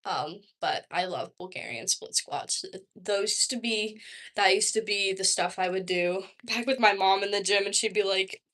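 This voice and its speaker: A young woman around twenty with a Southern accent, chatting casually on a livestream, rambling with lots of "like" and "um". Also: mid-range voice. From Texas, US. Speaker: vlogger.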